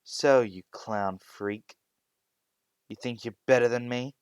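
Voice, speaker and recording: A man voicing a hot-tempered, foul-mouthed teenage boy who snarls slow, heavy threats in a spoken fan story. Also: mid-range voice, darkish tone, clear, resonant tone, no room sound, clean studio sound, natural voice. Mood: angry.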